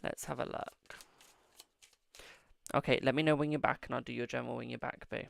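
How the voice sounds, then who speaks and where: A man's voice: medium pitch, steady tone, a little fast, vocal fry, fairly bright tone. A man hosting a casual live-stream tarot reading, chatting affectionately with viewers and calling them "my darling".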